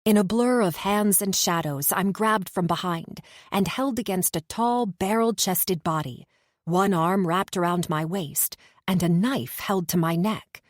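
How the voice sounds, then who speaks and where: Female audiobook narrator, low voice, tense measured delivery, dry close mic. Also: no echo. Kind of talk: first-person audiobook narration.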